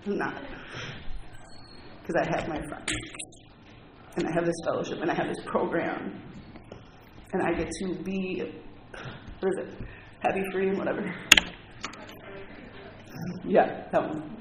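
A man with a fairly high voice gives a heartfelt, candid personal testimony to a roomful of people, talking loosely with lots of "like". The sound is echoey and carries a lot of background noise. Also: a little slow, pauses often. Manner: candid, heartfelt storytelling with frequent "like". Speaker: recovery meeting speaker. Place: meeting room with an audience. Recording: echoey, noisy room recording.

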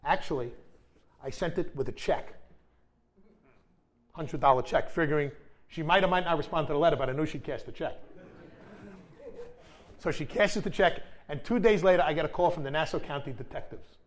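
A man's voice: a little high, moderate pace, pauses often. A middle-aged man giving a candid personal testimony at a recovery meeting, wry and blunt, with the odd swear word. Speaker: speaker sharing at a recovery meeting.

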